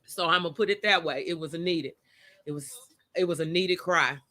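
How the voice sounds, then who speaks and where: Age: adult. Sex: woman. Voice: bright, forceful. Style: chatty livestream host. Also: on the low side, fairly quick. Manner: chatty, greets viewers by name; emotional. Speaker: host of a live chat show. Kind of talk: casual livestream chat. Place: outdoors by a motion-sensor light.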